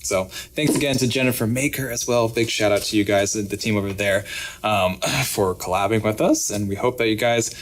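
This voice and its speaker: A man's voice: lowish voice, normal speed, noisy background. A man hosting a live craft tutorial, chatty and upbeat, talking viewers through each step. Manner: upbeat, chatty, laughs often. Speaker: craft channel host.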